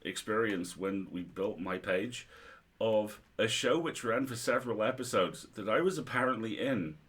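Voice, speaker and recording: Bright-voiced male host, animated. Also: on the low side, normal speed, breathy edge. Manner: animated storyteller, puts on voices for quotes. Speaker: podcast host. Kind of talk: livestream chat.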